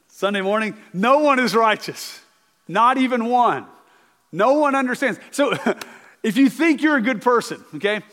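Male pastor, fairly high voice, earnest sermon delivery, big reverberant hall. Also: a bit bright. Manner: earnest, repeats words, asks okay to the congregation.

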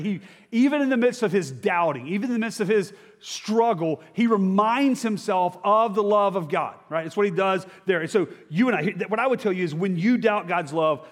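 A man preaching a sermon in a conversational way, tossing in "right?" and "okay?", rising for emphatic lines and dropping low for quiet asides. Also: big-room sound. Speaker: pastor.

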